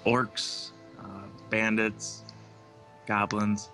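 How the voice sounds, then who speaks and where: A man playing a tabletop game who speaks slowly and hesitantly. His voice is low and flat. Clear music plays behind him. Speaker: player.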